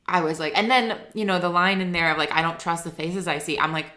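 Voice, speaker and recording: A woman in her thirties, a singer-songwriter and guest, talking in a casual, rambling, earnest way, full of "like" and quick laughs. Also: fairly low pitch, steady tone, pushed and bright. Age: 30s. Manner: rambling, heavy use of "like", laughs often; earnest and emotional. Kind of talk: casual interview chat.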